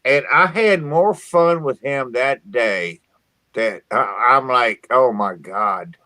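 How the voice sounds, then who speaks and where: A man's voice: mid-range voice, slow pace, pushed and bright, no echo. A man from southern Indiana hosting a casual chat, swearing freely and stumbling over restarts. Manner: profane, stammering restarts. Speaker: podcast host.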